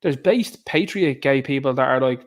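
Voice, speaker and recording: A man's voice: mid-range voice, normal speed. A man with an Irish accent giving a casual monologue commentary, sarcastic and full of rhetorical questions. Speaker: online commentator.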